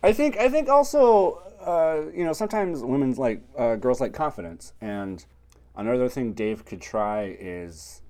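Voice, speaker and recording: A man co-hosting a comedy podcast, giving rambling deadpan advice in improvised chat. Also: medium pitch, measured pace.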